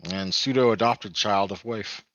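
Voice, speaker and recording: A man's voice: fairly low pitch, a little slow, a bit bright, dull audio, a little hiss or hum. A man running a tabletop game as game master, rambling and correcting himself, often chuckling. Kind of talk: narrating a tabletop game online.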